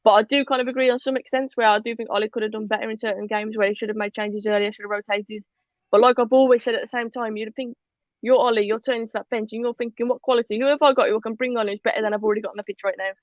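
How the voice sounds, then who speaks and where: Fast-talking woman co-hosting a football chat. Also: fairly high pitch, dry recording, muffled recording. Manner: chatty, animated, reads viewer comments aloud. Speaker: podcast co-host. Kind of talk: casual live football chat.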